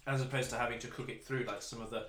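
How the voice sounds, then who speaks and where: A man's voice: medium pitch, steady tone, racing, fairly bright tone, roomy sound, slight background noise. A young man from England hosting a casual food-review podcast, wry and mock-formal, laughing often among friends. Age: young adult. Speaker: podcast host. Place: room with friends around a table.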